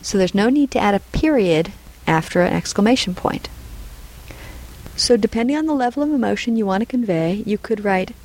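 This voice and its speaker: A woman's voice: mid-range voice, lively intonation, brisk, darkish tone, rough recording. A woman narrating a scripted lesson on punctuation, reading example dialogue aloud and naming each punctuation mark. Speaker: writing instructor.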